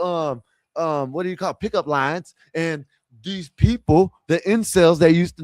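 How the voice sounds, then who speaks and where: A man talks casually on a panel show, rambling through his argument and checking often that he is followed. His voice sits high. The mic is close and dry. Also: dry recording. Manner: rambling, keeps asking "you know what I mean".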